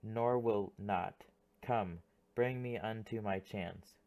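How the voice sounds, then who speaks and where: A man's voice: on the low side, slow, creaky, darkish tone. A man voicing a proud, boastful prince suitor, declaiming verse in an audiobook play reading.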